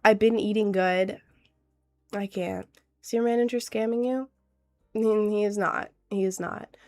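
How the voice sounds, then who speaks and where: A woman's voice: mid-range voice, fairly even intonation, darkish tone. A woman in her late teens with a cold, chatting casually on a livestream in a stuffy, slightly nasal voice, bubbly and rambling. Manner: bubbly, rambling, quick to laugh. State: has a cold. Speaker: streamer.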